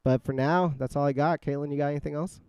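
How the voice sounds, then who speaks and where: A man's voice: on the high side, fairly even intonation, fast, a little mellow, smooth, dry recording. A man hosting a podcast in casual chat, joking and swearing easily as he reads out quiz questions. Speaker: podcast host. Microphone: scarf-wrapped microphone.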